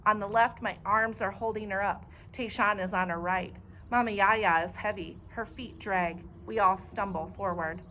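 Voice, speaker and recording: A woman librarian reading a children's chapter book aloud in clear, expressive storytelling. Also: mid-range voice, moderate pace, slight background noise.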